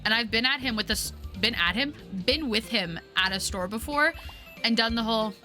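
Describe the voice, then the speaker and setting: A woman in her twenties chatting casually while streaming a game, talking in a giggly, upbeat voice she keeps high out of long habit from customer service. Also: fairly quick, sharp tone, faint music behind. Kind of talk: casual chat while gaming.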